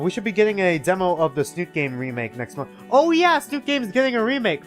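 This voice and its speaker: A man's voice: high-pitched, very animated, brisk, hardly any pauses, faint music behind. A young man streaming a game, chatting casually, swearing freely and reading the story aloud.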